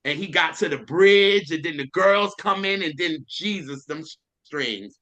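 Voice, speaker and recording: A man's voice: fairly high pitch, expressive, unhurried, fairly bright tone. A man co-hosting a casual music podcast, gushing over songs in an effusive, exclamatory way. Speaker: podcast co-host.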